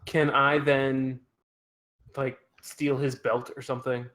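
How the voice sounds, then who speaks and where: A man playing in a tabletop game, mischievous and deadpan. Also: mid-range voice, slow. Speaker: player. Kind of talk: casual tabletop play.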